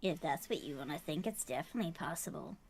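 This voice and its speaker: A woman voicing a cunning, smug female murderer with a gravelly, evasive, taunting manner. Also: deep voice, lively intonation, fast, faint music behind. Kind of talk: voicing game dialogue.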